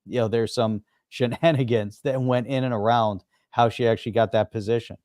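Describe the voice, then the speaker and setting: A man's voice: mid-range voice, fairly even intonation, fairly quick, a little mellow, no room sound. Sarcastic, laughing man in a dry room. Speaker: livestream co-host. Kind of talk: casual chat.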